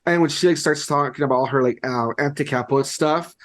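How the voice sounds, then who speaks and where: A man's voice: on the high side, quick pace, fairly bright tone. A young man co-hosting a podcast in casual chat, rambling, amused and full of "like". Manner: rambling, heavy use of "like", amused. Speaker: podcast co-host.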